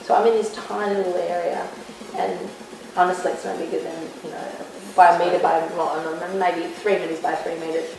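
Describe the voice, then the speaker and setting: An Australian woman, a guest sports broadcaster, telling lively, laughing anecdotes. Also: on the low side, moderate pace, creaky, few pauses, background noise. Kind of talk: animated storytelling. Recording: echoey room, voice from far off.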